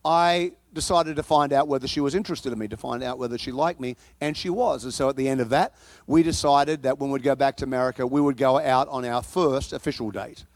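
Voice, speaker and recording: A male pastor preaching a sermon, telling a personal story in an animated, comic way and often repeating and restarting his words. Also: mid-range voice, fairly quick, no echo.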